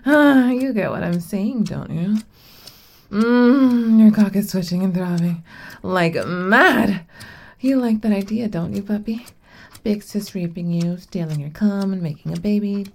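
In an adult audio role-play, a woman voices a domineering older-sister character, speaking slowly and teasingly in a gravelly, fry-edged, breathy and commanding way. Her voice is mid-range and a little mellow.

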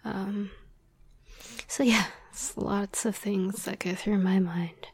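Breathy, whispering young woman, rambling. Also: medium pitch, steady tone, takes it slowly, dry recording. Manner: soft rambling whisper with many fillers and light laughs. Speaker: audio drama script writer. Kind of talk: whispered role-play talk.

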